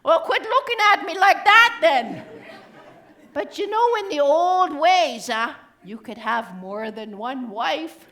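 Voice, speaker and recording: A woman's voice: sits high, fairly bright tone, heavily acted. A woman playing a cheeky old Cree auntie. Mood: joking. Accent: Cree-inflected English. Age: older. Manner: teasing, chatty, drops grammar endings. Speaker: stage storyteller. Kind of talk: live comedic character monologue.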